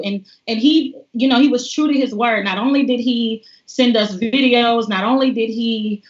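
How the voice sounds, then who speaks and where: Woman, kinda high voice, animated storyteller on a livestream, a bit muffled. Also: normal speed, hardly any pauses. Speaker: voting organizer guest. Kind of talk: casual interview storytelling.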